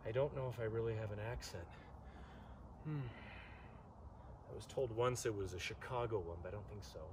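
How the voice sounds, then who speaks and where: A man's voice: on the low side, moderate pace, noisy background. A man from Southern California leading a guided yoga class outdoors, cueing poses and breaths with joking asides. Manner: joking asides between pose cues. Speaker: yoga instructor.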